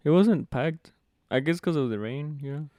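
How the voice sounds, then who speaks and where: Laid-back young man, smooth voice. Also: a little high, normal speed, dark tone, no echo. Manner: laid-back, laughs often, storytelling. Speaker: podcast co-host. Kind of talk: casual chat.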